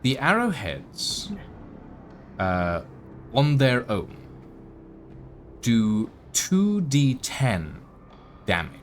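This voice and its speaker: A man narrating a tabletop game as game master, relaxed, with frequent fillers. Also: mid-range voice, extremely slow, long pauses. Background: background music.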